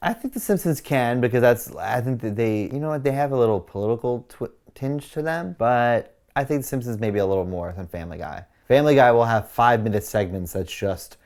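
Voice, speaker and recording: A man's voice: mid-range voice, lively intonation, fairly quick, few pauses, a little mellow. A man chatting casually as a panelist, enthusiastic and opinionated. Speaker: reaction panelist. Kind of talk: casual chat.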